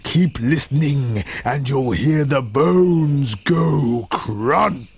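A man voicing a sly, grinning male crocodile villain in a storybook reading, slow and gloating. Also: mid-range voice, breathy edge, exaggerated voice.

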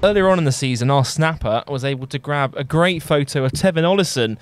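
A man's voice: fairly high pitch, fast talker, noisy background. A man chatting on a podcast, amused and laughing often. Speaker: podcast host. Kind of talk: podcast chat.

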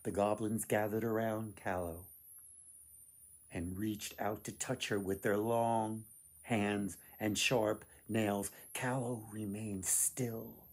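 A man reading a folktale aloud to children, expressive with dramatic pauses. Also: lowish voice. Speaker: author reading his book. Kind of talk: storybook read-aloud.

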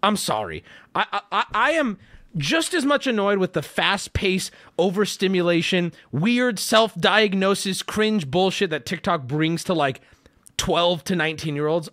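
A man's voice: high-pitched, unhurried. A man chatting casually and rambling on a live stream, swearing often. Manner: rambling, profane, animated.

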